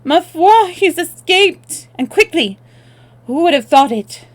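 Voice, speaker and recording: A woman voicing a quick, daring young French maid who speaks urgently and slips into French exclamations. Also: extremely high pitch, sing-song, pitched above the performer's own voice, heavily acted. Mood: shrill.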